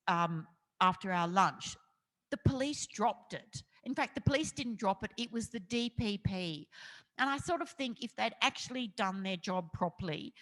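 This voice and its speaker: A middle-aged Australian woman, an investigative journalist, telling lively stories with frequent laughter in an on-stage interview. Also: mid-range voice. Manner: animated anecdotal storytelling with frequent laughter. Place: festival event hall. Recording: long hall reverb.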